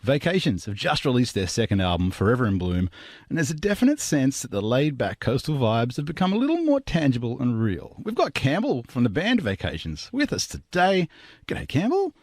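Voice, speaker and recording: Male Australian radio interviewer, mid pitch, lively intonation, friendly and a touch rambling. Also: fairly quick, dry recording. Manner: friendly, enthusiastic, a bit rambling. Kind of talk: scripted intro then interview.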